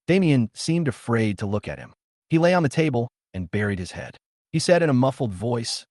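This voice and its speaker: A man narrating a comic story recap in a steady, scripted read. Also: medium pitch, brisk, dry recording, studio quality.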